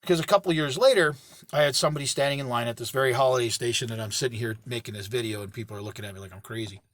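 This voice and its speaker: A man's voice: medium pitch, racing, fairly bright tone. Rambling middle-aged man in a truck. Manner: rambling, self-correcting, plainspoken. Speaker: septic pumping business owner. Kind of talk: casual talk to camera. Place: inside a parked work truck.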